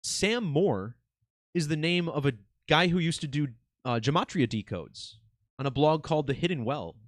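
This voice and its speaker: Lively man chatting to his viewers. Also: fairly high pitch, moderate pace, no echo, clean studio sound. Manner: excited, conversational, swears casually. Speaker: video host. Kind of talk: casual monologue to viewers.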